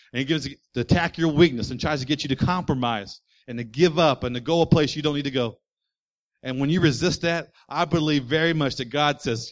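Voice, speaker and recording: A man's voice: a little high, fast talker, dry recording, rough recording. Emphatic man preaching a sermon. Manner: emphatic, repetitive preaching cadence; folksy, conversational asides to the congregation. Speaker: pastor. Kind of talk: sermon with personal storytelling.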